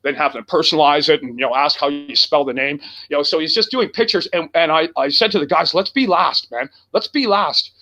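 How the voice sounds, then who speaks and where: A man's voice: fairly high pitch, fast talker, hardly any pauses, sharp tone. A man who fronts a rock band, telling a road story in casual chat, rambling and swearing with lots of fillers. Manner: rambling and profane, heavy with fillers. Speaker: guest, rock band singer.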